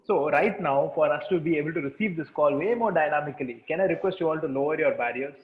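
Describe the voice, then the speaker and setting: A man's voice: a little high, fast. Man guiding a webinar over a tinny call. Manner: calm, repetitive instructions. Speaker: webinar facilitator. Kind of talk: guided energy exercise and group chat. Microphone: video call. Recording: tinny call audio with room echo.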